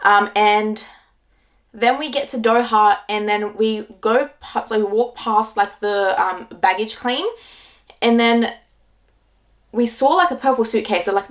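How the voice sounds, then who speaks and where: A woman's voice: medium pitch, normal speed. A woman in her twenties with an Australian accent, casually retelling her trip to camera in a chatty way, full of "like"s. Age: 20s. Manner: chatty, filler-heavy retelling with many "like"s. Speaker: travel vlogger.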